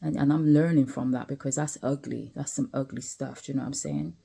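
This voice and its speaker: Low, gravelly-voiced tired woman vlogger. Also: fairly even intonation, fairly quick, dark tone. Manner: candid, conversational, repeats phrases, frequent asides to the listener. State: tired, yawning. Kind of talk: reflective personal vlog. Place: sitting outside on a chair.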